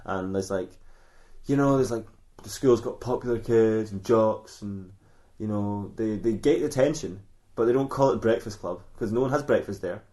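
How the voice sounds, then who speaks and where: On a podcast, a male host with a lowish, dark voice tells an improvised comedy story at a moderate pace. He rambles, keeps interrupting and restarting his own sentences, and laughs often as he talks.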